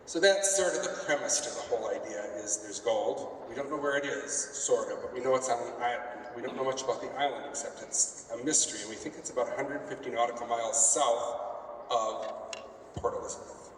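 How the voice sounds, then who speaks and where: A man's voice: medium pitch, brisk, slight background noise. A man casually telling a story to a convention audience, rambling and joking as he acts out bits of dialogue. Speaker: convention event organizer. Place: convention hall. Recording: echoey hall, mic from far off.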